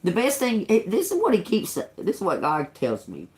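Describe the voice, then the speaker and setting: A woman's voice: mid-range voice, huge pitch swings, normal speed, darkish tone, slight background noise. A woman tarot reader in casual spiritual talk to her viewers, rambling and restarting, swearing freely and laughing often.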